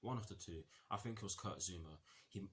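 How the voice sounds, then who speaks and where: A man's voice: low-pitched, brisk, slight background noise. A man giving a casual football match review, rambling with many fillers, false starts and self-corrections.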